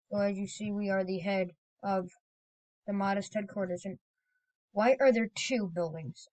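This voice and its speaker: Woman, gaming commentary, rambling, excitable, sudden loud outbursts, medium pitch. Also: normal speed, low-quality recording. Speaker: gaming video creator. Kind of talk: casual gameplay commentary.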